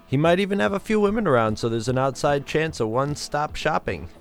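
A man's voice: a little high, animated, brisk, soft background music, pitched above the performer's own voice. A man voicing a cocky, easygoing male zookeeper who talks casually and persuasively.

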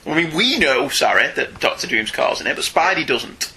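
Man, comics podcast co-host, casual chat, lively pitch, very bright voice, laughs often. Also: a little hiss or hum. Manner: animated, laughs often, quick asides.

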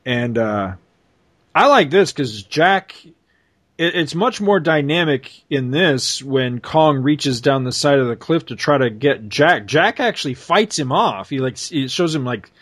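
A man's voice: medium pitch, animated, unhurried, fairly bright tone. A man in casual chat, animatedly retelling a comic story and laughing often.

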